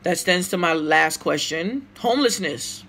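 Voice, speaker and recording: A woman's voice: fairly low pitch, lively intonation, a little slow, a bit bright. A woman with a Brooklyn accent, vlogging casually to camera and answering tag questions, emotional and outspoken. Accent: Brooklyn, New York. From United States.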